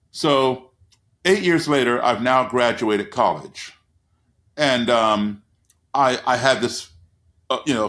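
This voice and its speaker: Animated man in his sixties telling a story. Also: fairly low pitch. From United States. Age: 60s. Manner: lively storyteller who acts out the people he quotes. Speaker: guest. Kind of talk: storytelling in a conversation.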